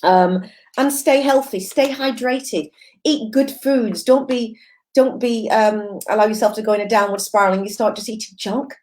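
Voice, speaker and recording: A woman's voice: a little high, normal speed, darkish tone. A woman mindfulness coach giving an encouraging, conversational live-stream talk, repeating phrases and using many fillers as she reads viewer comments.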